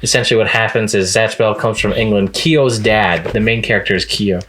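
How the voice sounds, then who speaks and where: A man's voice: fairly low pitch, a little fast, fairly bright tone, a little hiss or hum. A man talking casually in a manga review vlog, chatty and amused, often laughing at the scenes he recaps.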